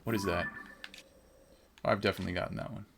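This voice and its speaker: A man's voice: low-pitched, fairly even intonation, quick pace. A man streaming a game, giving casual, jokey commentary and chatting with his viewers. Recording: clear background noise.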